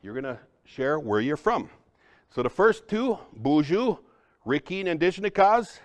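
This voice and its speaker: A man presenting a language workshop to a live audience, telling stories with lots of "hey?" and "right?", dropping to a hush and then rising loud. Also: a little high, a little slow. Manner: animated storyteller, swings from hushed to loud, tag questions "hey?". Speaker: Ojibwe language teacher and presenter. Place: conference room.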